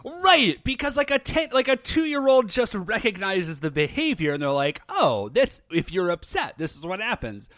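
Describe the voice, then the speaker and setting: A lively American man co-hosting a casual podcast, his pitch swinging up and down as he tells stories and laughs along. His voice sits a bit high for a man. The sound is close and dry, with no room behind it. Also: moderate pace, hardly any pauses, no room sound. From United States. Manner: animated storytelling, laughs often. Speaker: podcast co-host. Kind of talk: casual chat.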